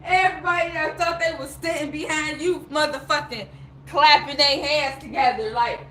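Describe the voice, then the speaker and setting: A woman's voice: high-pitched, fairly even intonation, normal speed, fairly bright tone, a little hiss or hum. A woman speaking on a live stream in an emphatic, rambling, profane monologue. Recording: echoey room.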